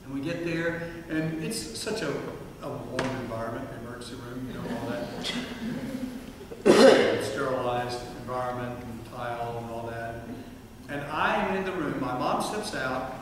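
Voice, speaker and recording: A man giving a humorous, anecdotal church talk, speaking directly to the congregation in a large hall. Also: medium pitch. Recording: echoey hall from far off, background noise.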